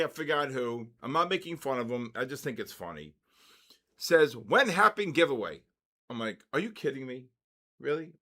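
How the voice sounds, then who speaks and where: An older man hosts a live trading session, chatting casually as in a live stream and greeting viewers by name in upbeat bursts. His voice is mid-range with a fairly bright tone.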